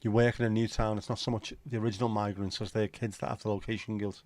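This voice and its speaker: A man's voice: on the low side, flat delivery, fast talker, a little mellow, no echo. A middle-aged man with a Liverpool accent, hosting a livestream and chatting casually in an opinionated, sweary, rambling way. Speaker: livestream host. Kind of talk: casual chat to a live audience.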